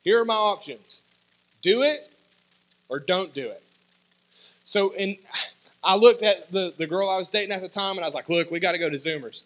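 A man preaching a sermon as pastor, telling personal stories in an animated way and acting out the dialogue. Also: high voice, moderate pace, long pauses. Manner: animated storytelling, acts out dialogue, sudden loud shouts.

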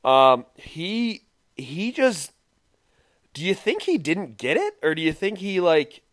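A man co-hosts a casual podcast, his pitch leaping around as he gets animated. He swears freely and laughs often. The sound is close and dry. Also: slow, no room sound. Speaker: podcast co-host. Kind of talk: casual chat recapping a reality dating show.

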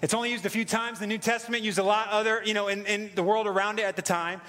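A man preaching a sermon with an American accent, in a casual, excited way with lots of fillers. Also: high voice, fast, long reverb tail. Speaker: pastor.

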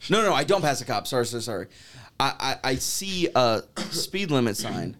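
Young man, mid-pitched voice, casual storytelling, acts out quotes. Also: very animated, moderate pace, fairly bright tone.

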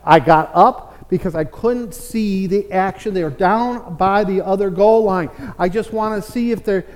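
A man's voice: sits high, a little slow, in a large hall. A middle-aged man from the United States preaching a conversational sermon in a folksy, storytelling way, often repeating words as he builds a point. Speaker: pastor.

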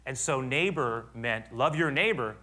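A middle-aged man preaching with a voice of ordinary middle pitch. He explains quietly, then builds to loud, emphatic passages, and keeps the tone of a sermon throughout. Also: lively intonation, unhurried.

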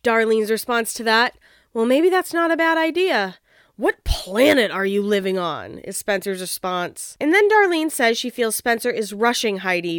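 A woman's voice: medium pitch, a bit bright, clean tone, dry recording, studio quality. A woman casually recapping a reality show, blunt and opinionated, swearing and laughing as she talks.

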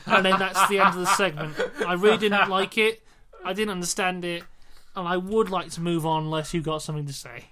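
A man's voice: sits high, fairly even intonation, a little fast, few pauses, sharp tone. Wry man, rambling recap. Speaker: podcast co-host. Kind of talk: casual chat reviewing wrestling.

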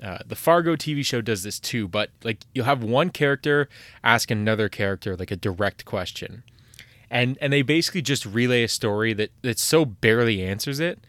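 A man's voice: mid-range voice, lively intonation, fairly quick, fairly bright tone, no echo. Rambling, profane man hosting a podcast. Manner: rambling, profane, full of likes and fillers. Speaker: podcast host. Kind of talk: casual solo podcast rant.

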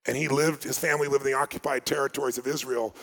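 A man giving a live motivational seminar, telling stories with emphatic delivery that swings between loud and hushed. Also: mid-range voice, steady tone, fast, vocal fry. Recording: long hall reverb.

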